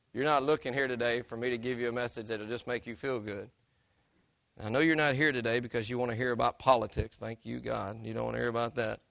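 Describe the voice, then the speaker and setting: A middle-aged pastor with a drawl preaches with earnest, conversational warmth, often turning to ask his congregation questions. His voice sits at an ordinary male pitch, captured close and dry. The sound is a little dull and muffled at the top. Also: vocal fry, no room sound. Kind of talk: sermon. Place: church sanctuary.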